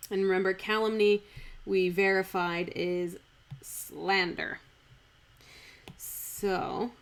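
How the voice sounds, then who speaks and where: A woman talks through lines of old verse on a live stream, in an unhurried, chatty way. She corrects herself often and reads phrases over and over to try out where the stress falls. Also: medium pitch, fairly even intonation, clear, resonant tone. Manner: chatty, self-correcting, repeats lines aloud to test stress. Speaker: streamer analyzing a Shakespeare speech. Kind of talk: thinking aloud while scanning verse. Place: home streaming setup.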